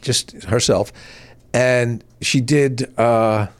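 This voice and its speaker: A man in his sixties hosting a podcast, telling stories in a casual, animated way and acting out quotes. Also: extremely slow, smooth. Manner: animated, acts out quotes with big pitch jumps. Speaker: podcast host. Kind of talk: casual storytelling chat.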